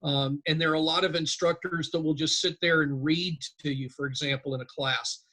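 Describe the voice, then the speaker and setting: Bright-voiced storyteller man. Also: on the high side, a little fast. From North Carolina, US. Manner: lively storyteller, animated and chatty. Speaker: guest, real estate instructor. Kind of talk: casual interview storytelling.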